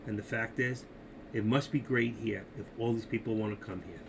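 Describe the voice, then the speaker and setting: A man's voice: lowish voice, fairly even intonation, a little fast, vocal fry, background noise. An older man hosting a casual live stream, talking markets and opinions in a rambling, opinionated way, speaking straight to his viewers.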